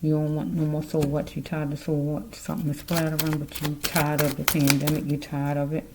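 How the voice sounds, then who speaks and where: A woman's voice: low voice, little pitch movement, brisk, heavy background noise. A woman giving a casual tarot card reading, rambling and musing aloud as she speaks straight to the listener.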